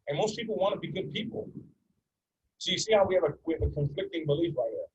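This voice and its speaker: Man in his forties, coaching session, very husky voice, fairly high pitch, earnest. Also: fast, darkish tone, dull audio. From North America. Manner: earnest and repetitive, tells stories to make his points. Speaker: life coach.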